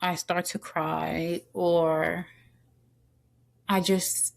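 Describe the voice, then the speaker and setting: A middle-aged woman guest telling her personal story in an earnest, halting way, with many restarts and moments of being choked up with tears. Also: lowish voice, level tone, creaky. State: tearful, choked up at times. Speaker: podcast guest.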